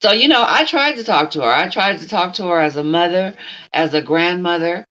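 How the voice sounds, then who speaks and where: A woman's voice: on the low side, expressive, brisk, a bit bright, muffled recording. A middle-aged woman hosting a casual livestream, blunt and outspoken, talking straight at someone who isn't there and answering her chat. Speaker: livestream host.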